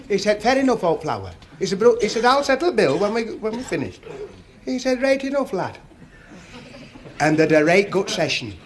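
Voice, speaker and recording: A Northern English stand-up comedian telling jokes in a chatty, folksy way. His voice sits high and swings widely in pitch as he rattles through the story. He keeps coming back to friendly dialect turns of phrase.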